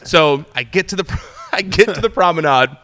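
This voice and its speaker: A man, a guest in an interview, telling a story in an animated, casual way, laughing often and saying "like" a lot. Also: on the high side, normal speed. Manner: animated, laughs often while telling stories, peppers talk with "like". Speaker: interview guest, news reporter. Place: talk show studio set.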